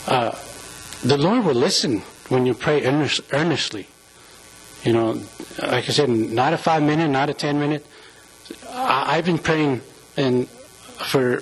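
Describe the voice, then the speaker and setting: A man with a husky, slightly breathy voice preaches in a church, his delivery halting and full of restarts as he talks earnestly. He sounds moved, close to tears. A low mains hum sits under the recording. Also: rough recording. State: emotional, near tears. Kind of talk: informal sermon.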